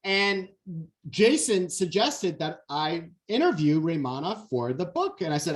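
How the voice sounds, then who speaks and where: Animated man giving a keynote. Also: fairly high pitch, measured pace. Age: 40s. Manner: animated storyteller, acts out quotes. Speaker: keynote speaker. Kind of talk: motivational keynote talk.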